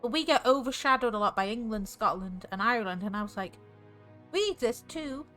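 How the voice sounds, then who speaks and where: A woman's voice: medium pitch, fast talker, pushed and bright, soft background music. A woman from north Wales with a North Welsh accent, chatting casually on stream in a rambling way, full of fillers. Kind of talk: casual chat.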